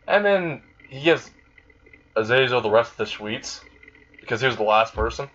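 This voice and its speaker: A man's voice: mid-range voice, normal speed, fairly bright tone, dull audio. A man casually retelling a fan-made story in a rambling way, with many fillers. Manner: rambling, frequent fillers and laughing.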